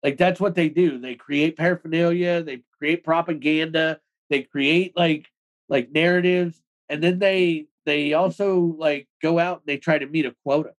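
Man, interview guest, casual storytelling, rapid loose talk, filler "like", swearing. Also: a little high, steady tone, low-quality recording. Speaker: interview guest, former extremist.

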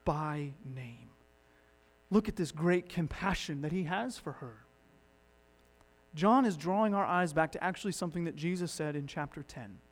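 A man preaching a sermon as pastor, swinging between loud emphatic lines and hushed ones. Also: fairly high pitch, lively intonation, normal speed. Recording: long hall reverb.

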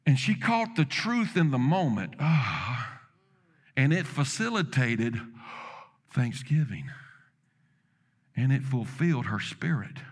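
In a husky voice, a man preaches a sermon, dramatically telling a story with quoted dialogue. He builds to loud, emphatic peaks before dropping low again.

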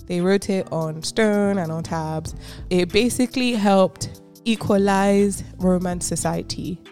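A woman's voice: mid-range voice, takes it slowly, darkish tone, soft background music. A woman co-hosting a podcast, chatting casually, teasing and reading from her notes. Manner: laughing, teasing, reads notes aloud. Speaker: podcast co-host. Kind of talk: casual chat.

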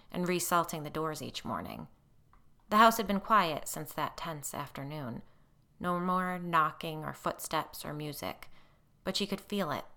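A woman reading a ghost story aloud as narrator, lifting her voice for the characters' lines. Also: sharp tone. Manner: voices characters with raised pitch and lowered narration tags. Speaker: audiobook narrator.

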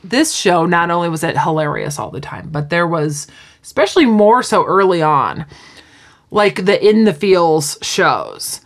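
A woman's voice: on the low side, sing-song, unhurried. A woman co-hosting a podcast in casual chat, animatedly retelling scenes and acting out the quotes. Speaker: podcast co-host.

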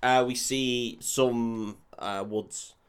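A man in his thirties co-hosting a podcast, recapping a film in sweary, laughing banter and quick impressions. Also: medium pitch, fairly even intonation, clear, resonant tone. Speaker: podcast co-host.

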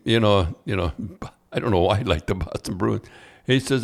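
A man's voice: fairly low pitch, normal speed, creaky. Older man, rambling hockey anecdotes. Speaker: podcast host. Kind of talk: casual chat.

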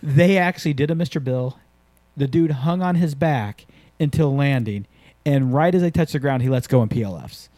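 A man hosting a casual podcast, telling loose, swear-heavy stories with lots of energy. His voice has a dark, mellow tone, and the sound is dry and close with no room echo. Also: mid-range voice, normal speed. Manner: profane, animated storytelling. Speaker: podcast host and skydiving instructor.

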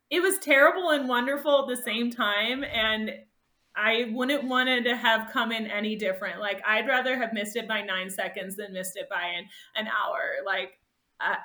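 A woman's voice: mid-range voice, bright, forceful tone, reverberant. A woman guest telling a race story in casual conversation, emotional and laughing often as she relives it. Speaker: guest ultrarunner.

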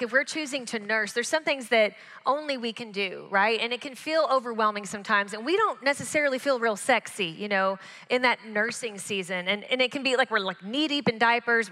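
A woman's voice: a little high, bright, forceful tone. A woman speaking as a guest on a church stage, talking frankly and encouragingly to the audience about marriage. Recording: echoey church hall.

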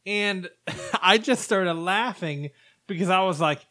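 A man's voice: high voice, slow pace, bright, forceful tone. A man hosting a casual podcast, rambling through explanations and laughing often. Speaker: podcast host. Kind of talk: casual chat.

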